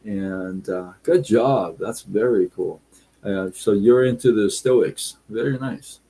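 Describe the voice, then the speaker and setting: A man hosting a casual live stream, reading viewer comments and talking in a relaxed, deliberate way with frequent fillers. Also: on the low side, gravelly, husky, low-quality recording.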